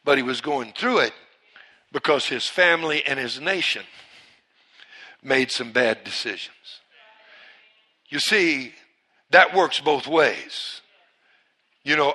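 A man preaching a sermon to his church, swinging between loud, forceful bursts and hushed lines, and leading the congregation in call-and-response. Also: a little high. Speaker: pastor. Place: church service.

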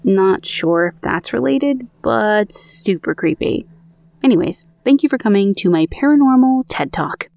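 A woman's voice: medium pitch, animated, a little slow, gravelly, darkish tone, no room sound. A woman podcast host reading listener ghost stories aloud from her recording booth, adding conversational, self-deprecating comments of her own.

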